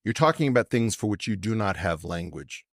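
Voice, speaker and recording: A man's voice: on the low side, animated, brisk, dry recording, studio quality. A man speaking as a podcast guest in an assertive, professorial way, challenging his host with pointed questions. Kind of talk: conversational podcast discussion.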